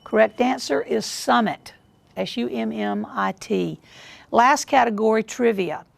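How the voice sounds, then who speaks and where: A woman hosting a school quiz show, reading questions in a measured way and repeating them deliberately. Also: a little high, creaky.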